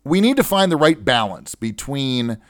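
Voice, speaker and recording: A man's voice: mid-range voice, moderate pace, no echo. A middle-aged man hosting a casual solo radio talk show about money, digressive and joking, saying he is wound up. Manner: animated, digressive, joking, self-described wound up. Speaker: radio show host, financial adviser. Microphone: studio microphone.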